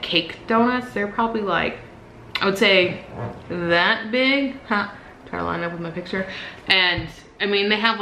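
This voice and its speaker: A woman's voice: lowish voice, bright, forceful tone, slight background noise. A young woman vlogger venting animatedly about her day in casual, swear-filled storytelling. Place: indoors at home. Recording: echoey room.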